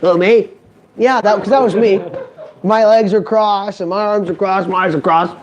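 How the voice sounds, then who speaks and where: A man's voice: high voice, steady tone, moderate pace, highs cut off, crowd noise. A man giving a motivational stage talk. He tells stories in a chatty way, acts out other people's lines, laughs often and keeps asking "you know what I mean?". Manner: storytelling, acting out quoted voices, laughing often. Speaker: speaker at a business event.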